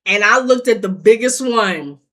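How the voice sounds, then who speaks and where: A woman's voice: on the high side, expressive, a little slow, sharp tone. A woman telling a personal story in casual speech, acting out the quoted lines and swearing freely. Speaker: storytime vlogger.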